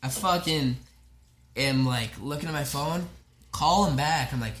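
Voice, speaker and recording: A young man tells a wild college story in loose casual chat, piling on filler and swearing as he laughs at himself. His voice sits a little high and sounds bright and pushy. The room around him is echoey, with faint noise underneath. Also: unhurried. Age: young adult. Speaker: podcast guest.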